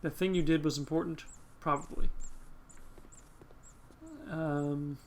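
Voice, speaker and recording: A man's voice: a little high, level tone, slow pace, a little hiss or hum. A man hosting a let's play, chatting casually with rambling asides and the odd swear. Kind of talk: casual gameplay commentary.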